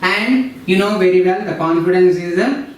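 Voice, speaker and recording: A man's voice: high voice, moderate pace. A man, giving an explanatory lesson in a lecture style, repeating himself and restarting phrases. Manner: explanatory, repetitive, frequent fillers and restarts. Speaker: English teacher. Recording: very echoey room with faint noise.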